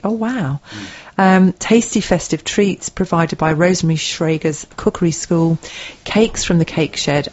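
A woman's voice: sits low, darkish tone, lo-fi sound. A woman co-hosting a local radio show, reading out event listings with a playful, teasing, giggly manner. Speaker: radio co-host. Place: radio studio.

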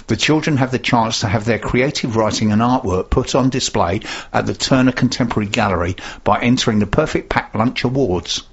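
A man with a gruff, husky voice co-hosting a radio show, reading community announcements and slowly spelling out web and email addresses. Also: medium pitch, dull audio. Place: radio studio. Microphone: studio microphone.

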